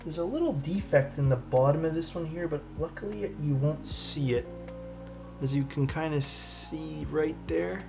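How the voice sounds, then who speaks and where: A man's voice: a little high, moderate pace, gravelly, music in the background. A man streaming as he assembles a keyboard, talking casually, thinking aloud and answering chat, sometimes drifting away from the mic. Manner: drifts off-mic while searching for parts.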